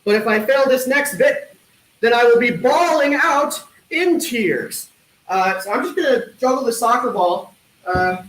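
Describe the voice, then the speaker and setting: Man telling deadpan puns in an echoey room. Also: extremely high pitch, a little slow. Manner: deadpan punning delivery with hesitant fillers. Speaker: talent show comedian. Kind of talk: stand-up one-liners.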